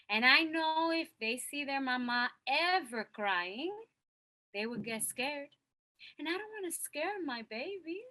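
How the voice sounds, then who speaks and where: A young working mother telling her story, as an actress plays her. Her voice sits high and sounds bright, and she takes her time. She is confessional and mixes Spanish words into her English. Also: heavily acted, poor audio. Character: young working mother, Cristela, holding back tears. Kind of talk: stage monologue acting.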